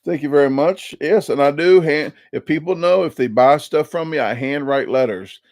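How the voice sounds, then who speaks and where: A man's voice: on the high side, moderate pace, darkish tone, dry recording, clean studio sound. Rambling man on a live stream. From Illinois. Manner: rambling, repeats words and restarts often. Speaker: YouTube channel host. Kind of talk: casual live-stream chat.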